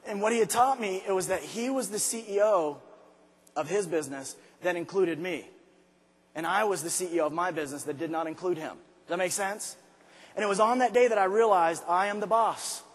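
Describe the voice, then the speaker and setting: A man giving a motivational speech to a large arena crowd, dropping to quiet asides and then shouting his points slowly and hard. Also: sits high, slightly rough. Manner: swings from quiet intimate asides to shouted, drawn-out emphasis. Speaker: motivational speaker. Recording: live speech with long hall reverb.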